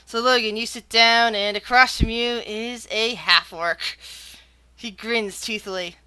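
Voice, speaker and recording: Bright-voiced woman running a tabletop game. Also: fairly high pitch, a little slow, clear, resonant tone. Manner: animated, stumbling restarts. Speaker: game master.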